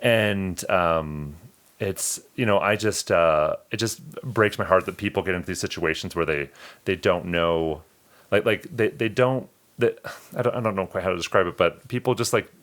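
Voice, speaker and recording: A man's voice: low-pitched, moderate pace, a bit bright. A male podcast co-host telling personal stories in an earnest, emotional way, often restarting his sentences. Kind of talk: personal storytelling in conversation.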